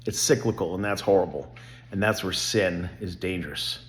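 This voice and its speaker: Middle-aged man, lowish voice, earnest and rambling, casual family vlog talk. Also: normal speed. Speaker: vlogger.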